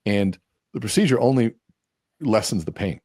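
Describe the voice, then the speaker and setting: A man's voice: lowish voice, moderate pace, slightly rough, no room sound, studio quality. A man speaking as a guest in a conversational interview, telling stories and acting out quoted dialogue. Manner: animated storyteller acting out quotes.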